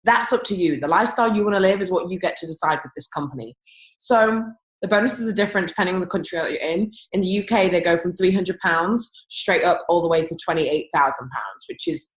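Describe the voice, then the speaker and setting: A young woman talks in a bouncy, chatty way, her voice jumping up high for emphasis as she makes her pitch on a call. She sounds like she's at home, with her voice ringing around a bare, echoey room. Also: a little fast. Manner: chatty and upbeat, big leaps in pitch, playful asides. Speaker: business team presenter on a group call. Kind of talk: animated sales pitch to a call audience. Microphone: computer or phone on a call.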